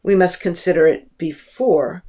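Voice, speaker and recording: A woman teacher giving a lecture on a book, explaining slowly and deliberately with pauses, recorded at home. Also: fairly low pitch, dark tone.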